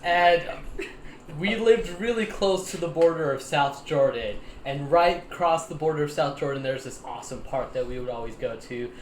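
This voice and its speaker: A young man casually telling a story to friends on a podcast, animated, laughing often and acting out the people in it. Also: fairly high pitch, normal speed, slight background noise. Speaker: podcast host. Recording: echoey room with faint ambience.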